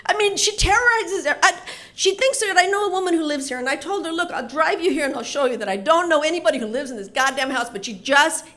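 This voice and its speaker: A woman's voice: high voice, quick pace, sharp tone, pitched above the performer's own voice. A flustered, oversharing father rambles on, pleading his innocence in a raised, exasperated voice, as a woman storyteller plays him. His sentences tumble out and restart as he tries to explain himself.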